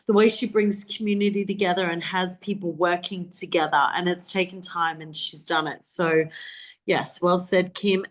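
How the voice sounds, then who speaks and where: A woman hosting a team video call, giving an effusive speech of praise with laughter. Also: mid-range voice.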